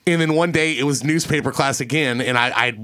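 A man's voice: medium pitch, fairly quick. A man hosting a studio podcast, telling a story casually, swearing freely and acting out the voices of the people in it. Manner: animated, profane, acts out quoted voices. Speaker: podcast host.

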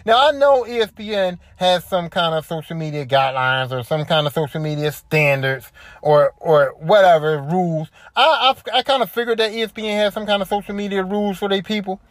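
A woman's voice: mid-range voice, no room sound. A woman hosting a solo podcast, ranting in a casual, profane, repetitive way. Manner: profane, repetitive, worked-up commentary. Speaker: podcast host.

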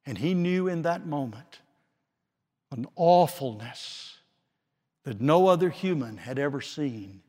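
A man preaching a sermon with slow, dramatic delivery and long pauses, swinging from forceful declarations to hushed, quiet phrases. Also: fairly high pitch, expressive. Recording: long reverb of a large hall.

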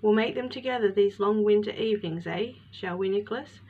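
A woman narrator voicing a harsh, lonely old male woodcarver with a gruff manner that turns to roaring when angry. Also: medium pitch, a little fast, lightly acted. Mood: gentle gruff. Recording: slightly muffled with faint hiss.

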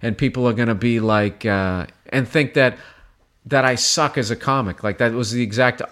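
A man's voice: medium pitch, normal speed. Profane man telling a story. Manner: profane, animated, acts out shouted quotes. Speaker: comedian guest. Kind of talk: casual storytelling chat.

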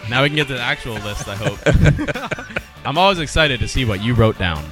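A man co-hosting a podcast in casual chat, with quick jokes and frequent laughs. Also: mid-range voice, lively intonation, music in the background. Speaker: podcast co-host.

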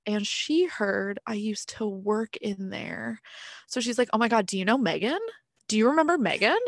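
Podcast co-host, woman, lively storyteller, dry close mic. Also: medium pitch, moderate pace, creaky, dry recording. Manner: animated storyteller, acts out quoted dialogue. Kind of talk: casual chat.

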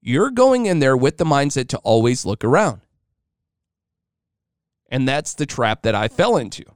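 A man in his thirties hosting a podcast alone, telling a story in an animated, chatty, jokey way. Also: medium pitch, a little slow, clear, resonant tone, no echo, studio quality. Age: 30s. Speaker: podcast host. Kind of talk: casual solo storytelling.

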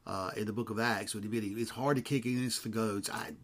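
A man preaching a sermon in a conversational, digressive way, full of fillers and asides, swinging from loud emphasis to hushed lines. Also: fairly low pitch, fairly even intonation, brisk.

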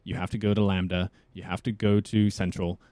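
A man's voice: sits low, flat delivery, a little fast, dark tone, no echo. A young man from South Africa, an actor, talking casually and rambling as an interview guest. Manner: rambling, thinks aloud.

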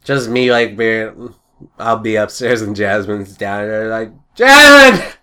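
A young man chatting casually on a podcast, rambling and joking, and acting out little shouted scenes. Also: fairly low pitch, little pitch movement, measured pace, clear, resonant tone. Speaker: podcast host. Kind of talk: casual chat.

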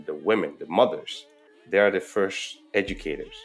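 A man's voice: sits low, moderate pace. A man from Mali, a company founder, speaking earnestly as an interview guest. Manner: earnest, persuasive. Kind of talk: interview conversation.

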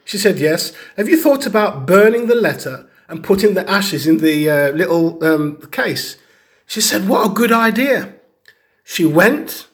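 A man's voice: on the high side, expressive, a little slow. Earnest man telling stories. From Caribbean heritage. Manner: earnest, storytelling, acts out quoted people. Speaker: speaker on grief and bereavement. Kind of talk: teaching talk with personal stories.

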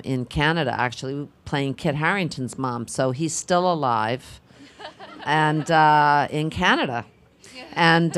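A deep female voice belongs to an older actress speaking casually at a film panel. She thinks aloud haltingly, often starting over and using fillers.

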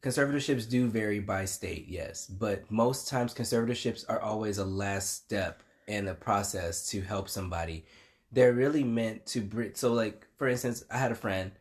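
A man's voice: fairly low pitch, normal speed. A man, co-hosting a podcast in opinionated casual chat, swearing freely. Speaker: podcast co-host.

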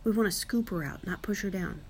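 A woman's voice: mid-range voice, brisk, slight background noise, lightly acted. Woman voicing a commanding old elephant matriarch. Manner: firm, steady, motherly. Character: calm commanding old female elephant leader.

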